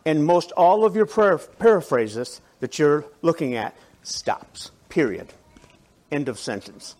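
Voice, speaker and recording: A male pastor with a fairly high-pitched voice preaches a sermon in a conversational, animated style. He makes asides to the congregation and restarts often.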